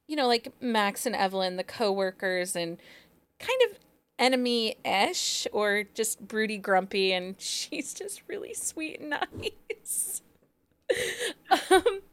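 A woman in her forties hosting a podcast interview, chatty and quick to laugh at herself. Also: medium pitch, lively intonation, a bit bright, clean tone. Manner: chatty, laughs often, self-deprecating. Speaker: podcast host.

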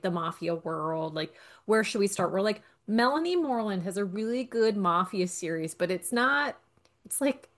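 A woman hosting a casual podcast chat, teasing her guest and adding quick agreeing remarks. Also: mid-range voice. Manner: teasing, gives lots of little agreeing noises. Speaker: podcast host.

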